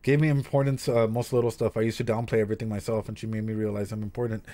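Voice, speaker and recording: A young man who works as a therapist, chatting casually to his stream viewers while reacting to anime, animated and swearing freely. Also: fairly low pitch, rapid-fire.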